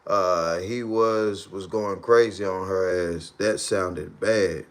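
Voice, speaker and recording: Animated man on a casual livestream. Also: deep voice, slow, hardly any pauses. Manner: animated, repeats lines for emphasis. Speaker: live streamer. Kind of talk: casual live-stream commentary.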